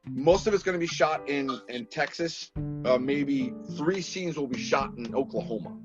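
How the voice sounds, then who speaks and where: A man from Massachusetts, a guest on a podcast, telling stories in a casual, animated way with plenty of restarts. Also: medium pitch, moderate pace. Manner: animated storyteller, lots of restarts and laughs. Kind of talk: casual interview chat. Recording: dull lo-fi podcast audio with faint music.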